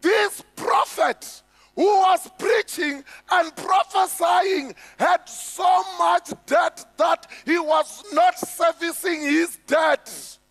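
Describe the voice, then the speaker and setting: A man's voice: extremely high pitch, extremely slow, a bit bright, raised voice. A man with a South African accent preaching a sermon as pastor, emphatic, with frequent rhetorical questions to the congregation. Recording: echoey hall with faint music.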